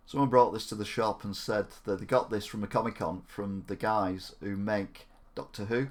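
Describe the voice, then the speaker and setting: A man's voice: lowish voice, measured pace, darkish tone. A man chatting casually on a gaming live stream. He jokes around, mocks himself and rambles. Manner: jokey, self-mocking, rambling.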